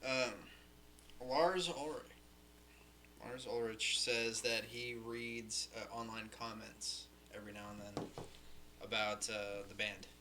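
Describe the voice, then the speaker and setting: A man co-hosting a casual podcast chat, telling animated stories and swearing freely. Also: fairly low pitch, slow pace, slight background noise. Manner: animated storyteller, profane. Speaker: podcast co-host.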